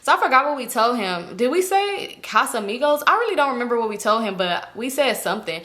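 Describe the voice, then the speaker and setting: A young woman casually telling a storytime in slangy, animated talk, acting out what people said. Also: on the high side, fast. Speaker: storytime vlogger.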